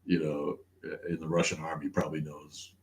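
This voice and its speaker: A man's voice: extremely low pitch, little pitch movement, normal speed. A man hosting a casual livestream, rambling, laughing often and greeting the chat. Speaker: livestream host.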